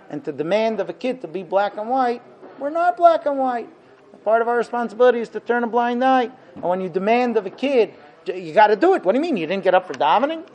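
A man giving a Torah lecture, animated, with rhetorical questions and acted-out dialogue. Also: sits high, poor audio.

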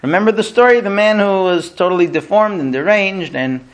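A man's voice: high voice, brisk. A man teaching a Talmud class to students, telling a story animatedly and acting out the quotes. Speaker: Torah teacher.

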